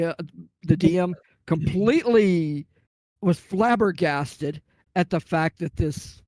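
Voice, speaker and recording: Casting: man, rambling and animated, relaxed podcast storyteller, slightly high voice, dry close sound. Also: dry recording. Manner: rambling, animated anecdote with acted-out quotes. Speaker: podcast guest telling a gaming story. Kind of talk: casual storytelling chat.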